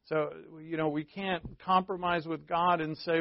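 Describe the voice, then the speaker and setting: Male pastor, slightly high voice, chatty teaching sermon with asides, slows down on key words; dull, dry lo-fi recording. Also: little pitch movement, no echo. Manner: conversational, wandering teaching with asides and self-corrections; stresses key words, slowing down for emphasis.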